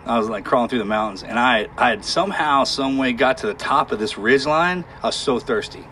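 A man telling a harrowing war story in conversation, halting and emotional, with sighs and restarts. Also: mid-range voice, animated, sharp tone, slight background noise.

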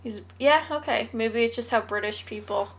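A woman's voice: fairly high pitch, normal speed. A woman co-hosting a casual podcast chat, retelling film scenes and quoting lines as she goes. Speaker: podcast co-host.

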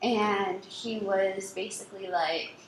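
A woman's voice: medium pitch, steady tone, slow pace, a little hiss or hum. A woman co-hosting a casual chat show, teasing and giggly. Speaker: podcast co-host. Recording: echoey room.

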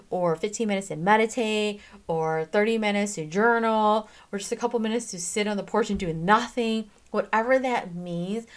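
A woman giving casual motivational advice as a podcast host, chatty and emphatic, often checking in with "okay?". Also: mid-range voice. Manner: animated, swings in pace and loudness, laughs often. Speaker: self-help podcast host.

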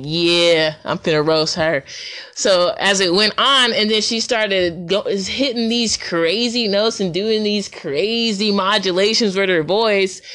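A woman talking casually into a recorder, telling a story in an animated, colloquial way and laughing often. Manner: animated storytelling, jumps high for reactions. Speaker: podcaster. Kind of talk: casual monologue. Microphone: handheld recorder.

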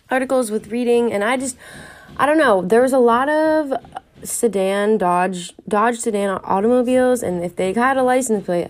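A young woman hosting a podcast, telling a true-crime story in a chatty way, wondering aloud with many fillers. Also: medium pitch. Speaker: podcast host.

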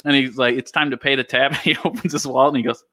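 A man's voice: mid-range voice, fairly even intonation, fast talker, pushed and bright, no room sound, studio quality. A young man telling an anecdote in a casual chat, laughing and acting out what people said. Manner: laughing storyteller, acts out quotes. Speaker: storyteller guest.

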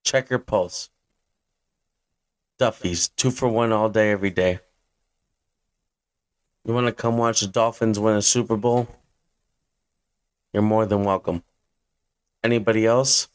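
A young man in his twenties hosts his own sports podcast and rants like a fired-up fan. His voice sits low and he takes his time with each line. He is blunt and swears now and then. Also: fairly even intonation, a little slow, pauses often, smooth. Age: 20s. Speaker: podcast host. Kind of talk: fantasy football podcast rant.

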